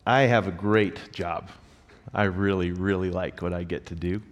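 A young man on a church staff giving a sermon, moving from a slow scripture reading into a rambling, self-mocking personal story. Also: low-pitched, fairly even intonation. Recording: long reverb of a large hall.

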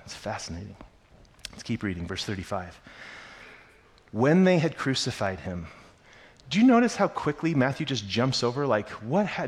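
A male pastor at a mid pitch works through a scripture passage in his sermon. He reads steadily, then breaks off to explain in a relaxed, chatty way. His voice lifts with energy when he asks the congregation questions. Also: normal speed. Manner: animated when voicing questions.

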